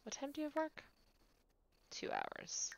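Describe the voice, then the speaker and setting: A woman's voice: high voice, wildly swooping pitch, measured pace, creaky, slight background noise. A woman streaming a life-simulation game, chatting casually and teasing the characters on her screen. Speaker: gaming streamer. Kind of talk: casual live-stream commentary.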